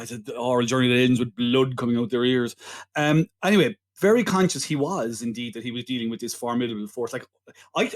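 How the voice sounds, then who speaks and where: Rambling joking podcast host, a man. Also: medium pitch. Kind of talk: casual film podcast chat.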